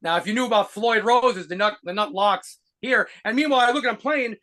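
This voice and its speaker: A man telling rapid, profanity-laced stories as a guitarist being interviewed. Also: high-pitched, bright, forceful tone. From United States. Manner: rapid profane anecdotes with laughs. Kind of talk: fast storytelling interview.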